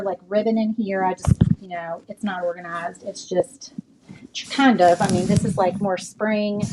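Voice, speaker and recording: A woman giving a rambling, chatty live tour of her home craft room, slightly out of breath as she walks around, with lots of ums and likes. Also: medium pitch. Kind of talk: casual live-stream chat. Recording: loud background noise with clicks.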